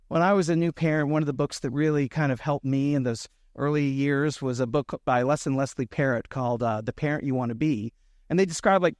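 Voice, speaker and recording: A pastor in his thirties preaches in a relaxed, chatty way and talks straight to the congregation. His voice sits a little high for a man. The sound is close and dry. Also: no room sound. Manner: conversational storytelling with asides to the congregation. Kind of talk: sermon.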